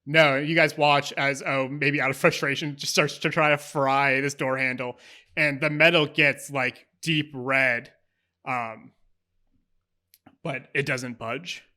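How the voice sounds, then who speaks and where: A man's voice: medium pitch, fairly even intonation, takes it slowly, bright, forceful tone. A man narrating as game master of a tabletop game, describing scenes with many fillers.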